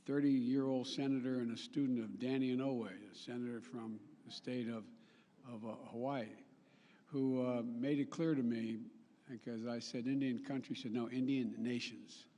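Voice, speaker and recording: A man's voice: mid-range voice, darkish tone. Older man giving a rambling speech. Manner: rambling, self-correcting, folksy asides. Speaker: head of state giving a speech. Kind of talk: formal public speech with ad-libs. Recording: live speech with long hall reverb.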